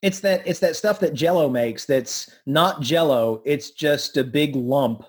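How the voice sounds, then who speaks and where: A man's voice: a little high, unhurried, slightly rough. A man from the South co-hosting a show, asking curious questions and joking. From Southern United States. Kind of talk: casual chat.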